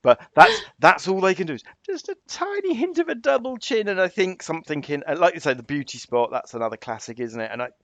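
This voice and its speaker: A man's voice: high voice, sing-song, quick pace, hardly any pauses, fairly bright tone, no echo, dull audio. A man co-hosting a film podcast, rambling and jokey, correcting himself as he goes. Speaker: podcast co-host. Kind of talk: casual chat.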